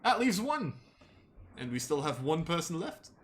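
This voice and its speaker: A man narrating as game master in a tabletop game, chatty and quick to laugh. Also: fairly high pitch, very animated, a little hiss or hum. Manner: laughs often, loose and chatty.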